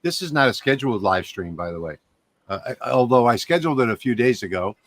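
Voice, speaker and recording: A man chatting casually as a guest on a live stream, relaxed and joking. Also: mid-range voice, quick pace.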